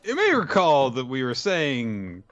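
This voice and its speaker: A man's voice: mid-range voice, wildly swooping pitch, measured pace, fairly bright tone, no echo. A man hosting a podcast, recapping a story in a chatty way with joking asides. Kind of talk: casual manga recap. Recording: dull lo-fi recording.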